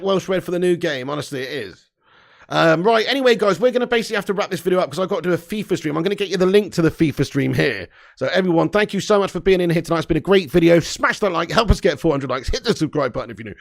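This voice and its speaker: A man's voice: a little high, creaky. A man hosting a casual live stream, reading out viewer comments and laughing often.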